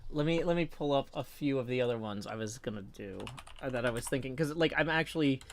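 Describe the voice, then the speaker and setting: A man's voice: quick pace, slight background noise. A man with a Southern American twang, chatting casually on a stream, rambling and often restarting his sentences. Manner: rambling, restarts often, voice drops low while thinking.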